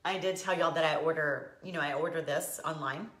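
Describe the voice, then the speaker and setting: A chatty woman with a drawl talks casually to her live viewers, jumping between laughter and tears. Her voice is low-pitched yet bright and forceful. The sound bounces around an echoey room. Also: brisk. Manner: chatty, emotional, laughing and teary by turns. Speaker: live video host.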